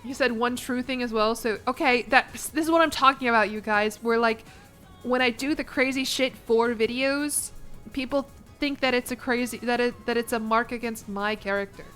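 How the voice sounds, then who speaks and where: A woman streaming a game, chatting casually in a rambling, jokey way full of quick asides. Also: on the high side, a bit bright, faint music behind. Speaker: VTuber streamer. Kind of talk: casual livestream commentary while gaming.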